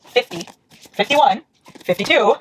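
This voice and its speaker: A woman's voice: on the high side, animated, a little slow, slight background noise. Chatty woman counting books aloud. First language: Portuguese. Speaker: book vlogger. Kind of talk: casual vlog. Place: at home by her bookshelves.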